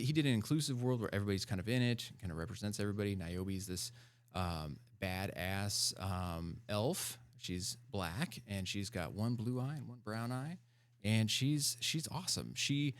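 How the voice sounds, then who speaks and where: A man with a low, smooth, resonant voice chats as a podcast guest. He talks in an animated, loose way with plenty of fillers and laughter, and sounds dry and close to the mic. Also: normal speed, dry recording. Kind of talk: casual interview chat.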